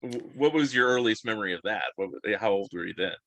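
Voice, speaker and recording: A man hosting a podcast, asking rambling, halting questions in a casual interview. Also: lowish voice, expressive, a bit bright, dry recording. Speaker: podcast host.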